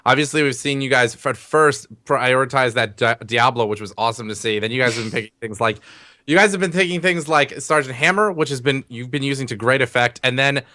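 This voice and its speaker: A man's voice: mid-range voice, a little fast, bright, forceful tone, no echo. A tired man co-hosting a gaming show, friendly and chatty as he talks strategy. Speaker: co-host and esports caster. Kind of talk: casual gaming show chat. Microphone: video call.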